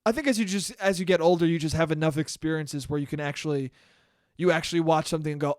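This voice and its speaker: Recorded in a clean studio with no room sound, this young male podcast host speaks fast in a slightly high, darkish voice. Alone on the mic, he wanders from thought to thought, curses freely, interrupts himself, and often breaks into laughter.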